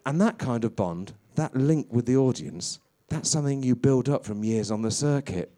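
A man playing a crude, bewildered veteran stand-up comedian in a rambling deadpan confessional monologue. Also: mid-range voice, moderate pace, natural voice.

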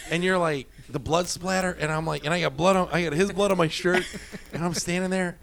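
A man telling a story in casual chat, animated and profane, often laughing. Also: high-pitched.

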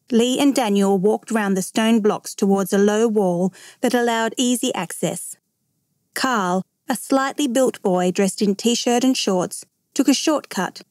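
A woman reading a true story aloud in a measured way, slowing down at the dramatic moments. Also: medium pitch, darkish tone, dry recording, clean studio sound. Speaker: narrator.

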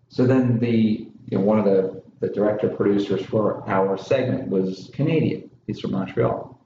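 A man co-hosting a podcast, telling a story in a casual, animated way. The sound is roomy and a little dull, with faint noise behind him. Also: on the low side. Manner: animated, mimics others in raised voices while telling stories. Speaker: podcast co-host. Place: small warm room.

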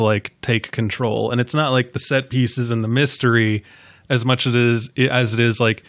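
A man hosting a podcast, chatting casually about a film, rambling with many fillers and acting out quotes. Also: medium pitch. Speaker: podcast host.

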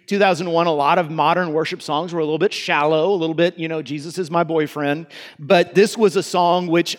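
Pastor with a fairly high voice in a reverberant hall. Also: male voice, fairly bright tone. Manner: slows down to read scripture aloud, conversational asides. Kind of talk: sermon.

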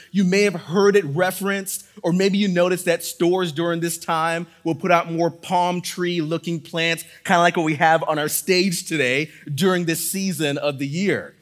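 A male pastor whose voice sits a bit higher than most men's preaches earnestly and with emphasis, repeating phrases to drive his points home. He shifts from a quiet prayer into teaching, keeping a steady tone at a moderate pace with hardly any pauses.

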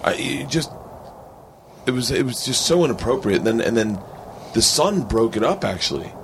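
A man's voice: medium pitch, moderate pace, slight background noise. A man hosting a casual chat with fellow comedians, telling stories animatedly and acting out what people said. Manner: animated storyteller, acts out quotes. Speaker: podcast host. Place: rented home.

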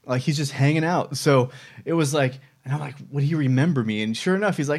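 A man's voice: on the high side, a little fast, darkish tone. Man rambling reflectively to camera. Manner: rambling, reflective, many fillers and restarts. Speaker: vlog host. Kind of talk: casual personal vlog monologue.

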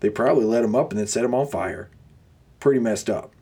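A man's voice: medium pitch, brisk, mellow, slightly rough. A young man hosting a podcast, ranting sarcastically with frequent groans of disgust. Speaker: podcast host. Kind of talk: casual ranting monologue.

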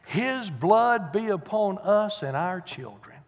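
A man preaching slowly and deliberately, his voice sitting a bit high. He tells the story dramatically, shouting out some lines and hushing others almost to a whisper. The sound carries a long reverb from the church hall. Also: lively intonation. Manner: dramatic storytelling, swings from loud cries to hushed whispers. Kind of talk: sermon.

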